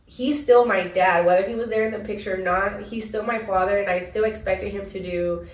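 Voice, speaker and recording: A woman's voice: medium pitch, a little fast. Woman telling stories in a roomy, distant sound. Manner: animated storyteller, laughs often. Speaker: podcast co-host. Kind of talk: casual chat.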